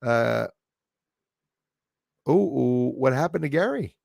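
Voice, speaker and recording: Gravelly man rambling on a live stream. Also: mid-range voice, animated, slow, a little mellow, no echo, clean studio sound. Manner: rambling, hesitant, many fillers and restarts. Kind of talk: casual live stream chat.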